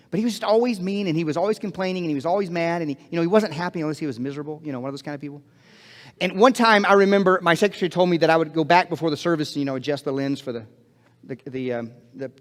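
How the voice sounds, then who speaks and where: A male pastor from Alabama preaching a story-filled sermon with lively, acted-out dialogue, then closing in prayer. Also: sits high. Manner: animated, acts out dialogue, repeats phrases. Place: church auditorium. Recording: long hall reverb.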